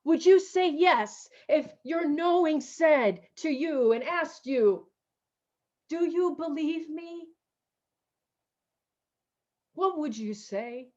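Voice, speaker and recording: Woman preacher, slow repetitive sermon, emotional, dull lo-fi stream audio. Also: high-pitched, lively intonation, darkish tone. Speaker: pastor. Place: at home on a video call. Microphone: video call mic.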